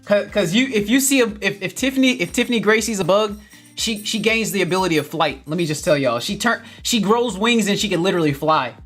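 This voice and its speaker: A man's voice: sits high, animated, fairly quick, fairly bright tone, faint music behind. A man, hosting a casual livestream, upbeat and laughing often as he reads viewer comments. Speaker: livestream host reading chat.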